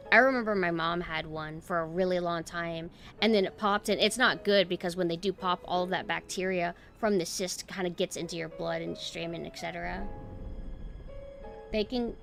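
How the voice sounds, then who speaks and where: A woman streamer talks casually with her viewers in a dry, flat monotone. Her voice has a gravelly fry running through it. Faint music plays underneath. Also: fairly low pitch. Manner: dry, deadpan monotone delivery.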